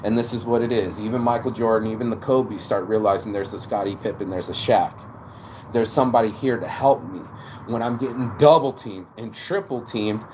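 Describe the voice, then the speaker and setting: Animated, profane motivational man. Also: fairly low pitch, noisy background. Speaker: motivational vlogger. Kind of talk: casual motivational monologue.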